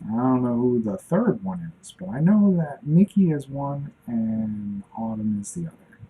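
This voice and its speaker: A man's voice: mid-range voice, big pitch swings, measured pace, vocal fry, narrow, tinny audio. A man in his forties chatting casually on a live stream while he draws, rambling and talking to himself as he works. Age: 40s. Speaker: cartoonist streaming while drawing.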